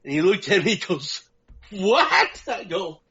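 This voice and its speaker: A man co-hosting a podcast, telling a long, profane, animated story about a prank with lots of laughter. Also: high-pitched, fairly quick, background noise. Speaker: podcast co-host. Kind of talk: casual storytelling chat. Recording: muffled lo-fi audio.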